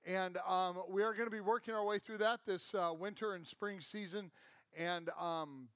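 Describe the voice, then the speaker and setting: A man's voice: sits high, steady tone, normal speed, fairly bright tone, clean tone, no room sound. A middle-aged man with an American accent giving a sermon, telling stories casually with many fillers. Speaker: pastor.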